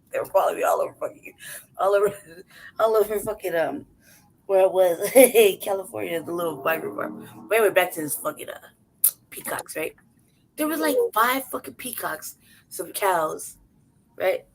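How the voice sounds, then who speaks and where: A city-raised woman on a podcast spins a story with plenty of profanity and laughter, acting out people's lines in an animated, casual way as co-host. She speaks at a moderate pace in a medium pitch with vocal fry, pausing often, and the recording is low quality.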